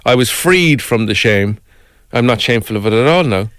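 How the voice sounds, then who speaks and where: A man's voice: mid-range voice, moderate pace, no room sound, clean studio sound. A middle-aged man telling a personal story in a casual chat. He rambles and keeps adding "right?" and "like" as he goes. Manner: rambling, animated, repeats "right?" and "like". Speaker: guest.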